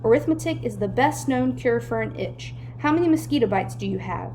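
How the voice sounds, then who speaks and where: Lady doing a strict teacher, firm and dry, bit high. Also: lively intonation, a little fast, mellow, slight background noise, natural voice. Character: strict, dry-witted female schoolteacher.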